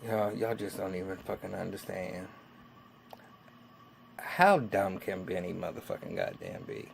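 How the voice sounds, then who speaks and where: A man in his forties giving a casual, excitable, heavily cursing recap of a TV episode. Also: low voice, measured pace, creaky, noisy background. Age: 40s. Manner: excitable, heavily cursing, acts out characters' lines. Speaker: TV episode reviewer.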